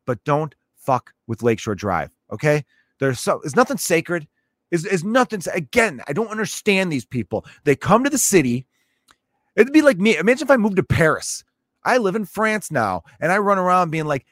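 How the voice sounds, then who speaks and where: A man's voice: sits high, very animated, moderate pace, a bit bright, no room sound. A man, a parent, ranting in a sarcastic, profane, exasperated way as a comedic host. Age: adult parent. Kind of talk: comedic rant.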